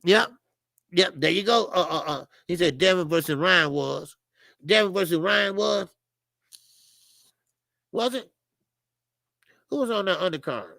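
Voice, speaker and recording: A man's voice: high voice, lively intonation, a little slow, vocal fry, long pauses, pushed and bright, no echo. A middle-aged man with a Southern US accent hosting a loose, laughing boxing chat and swearing freely. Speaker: boxing show host. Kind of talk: casual live-stream chat.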